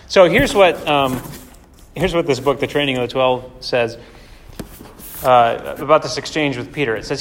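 A man's voice: medium pitch, normal speed. A man preaching a sermon in a conversational way, often asking rhetorical questions. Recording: long hall reverb.

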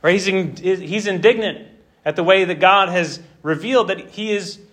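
A man preaching an expository sermon in an animated, conversational way, acting out the scripture. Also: sits high, moderate pace.

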